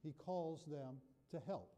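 Folksy preacher with a mellow voice. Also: male voice, a little high, slow. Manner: folksy, conversational, asks the audience questions. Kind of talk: sermon. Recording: long reverb of a large hall.

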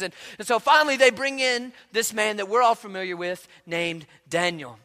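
A male pastor preaching a sermon in a relaxed, conversational storytelling way, often repeating words as he goes. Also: extremely high pitch, fairly quick, few pauses, long reverb tail.

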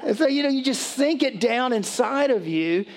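A middle-aged man preaching a sermon as pastor, reading scripture slowly and deliberately, then talking to the congregation in a conversational way. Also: very high-pitched, expressive, some chatter behind.

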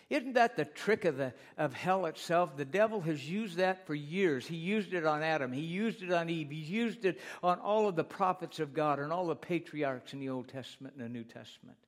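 A fairly high-voiced man preaching in a church. He leans on repetition and turns to the congregation again and again with questions. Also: normal speed, hardly any pauses. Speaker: pastor. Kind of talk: sermon.

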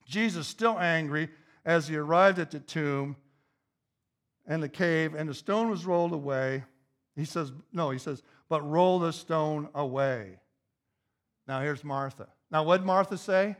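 A pastor preaching a sermon, repeating key phrases and building to an emphatic, raised intensity. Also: male voice, fairly high pitch, normal speed, a bit bright.

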